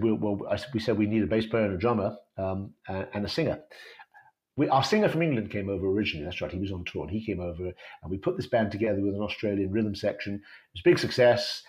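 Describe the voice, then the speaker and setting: A man's voice: lowish voice, quick pace, darkish tone. Rambling Welsh man telling band stories. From Wales. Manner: rambling storyteller, frequent restarts and fillers. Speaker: guitarist in a band, guest. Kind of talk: casual interview chat.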